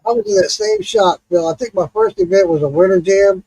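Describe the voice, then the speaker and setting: A man's voice: high voice, brisk, vocal fry, breathy edge, dry recording, rough recording. A man hosting a livestream, telling stories in a loose, casual chat and swearing freely. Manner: animated storytelling, swears freely. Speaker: livestream host.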